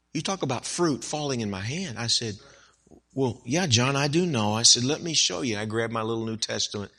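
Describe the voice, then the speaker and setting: A male preacher tells a personal story from the pulpit with a bright, forceful voice. He acts out each side of the dialogue, and his voice climbs high for emphasis before dropping back to a plain telling tone. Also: vocal fry. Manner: animated storyteller who acts out dialogue, rising to emphatic peaks. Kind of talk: sermon storytelling.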